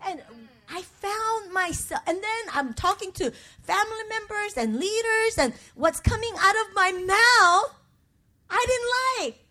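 High, bright-voiced middle-aged woman preaching. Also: expressive, unhurried. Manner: emotional, confessional preaching with call-and-response; conversational and personal, with asides to the congregation. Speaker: pastor. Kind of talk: sermon.

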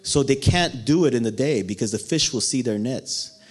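A man preaching a sermon in a playful, animated way, acting out the people in the story and laughing often. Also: mid-range voice, moderate pace.

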